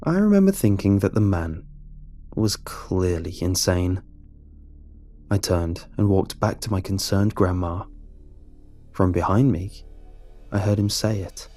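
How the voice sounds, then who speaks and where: A man narrating a first-person horror story in a measured, steady storytelling manner. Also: low-pitched, soft background music.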